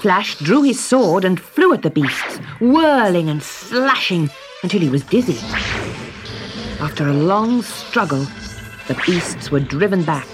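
A woman narrating a children's story slowly and expressively. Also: fairly low pitch, animated. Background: background music.

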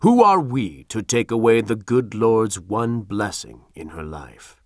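A man's voice: lowish voice, lively intonation, unhurried, no room sound, studio quality. A man voicing a frail young reverend in an audiobook, with a powerful, trembling voice. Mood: impassioned plea.

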